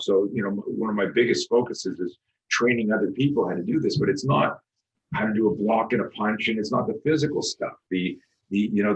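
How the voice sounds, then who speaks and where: Middle-aged man, low register, animated guest storyteller acting out dialogue. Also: dull audio. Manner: animated, acts out quoted dialogue, frequent restarts, swears. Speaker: guest, self-defense instructor.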